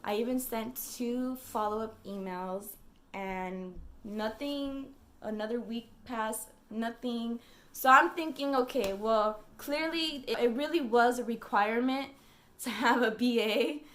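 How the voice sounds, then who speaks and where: A woman's voice: on the high side, slow pace, a bit bright. A young woman vlogging, venting in a casual, emotional way, with fillers and swearing.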